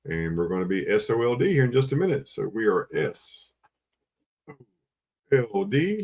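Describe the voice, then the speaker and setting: A man's voice: fairly low pitch, animated, moderate pace, a little mellow. A man hosting a live online auction, repeating bids and coaxing buyers with auctioneer patter. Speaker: livestream auction host.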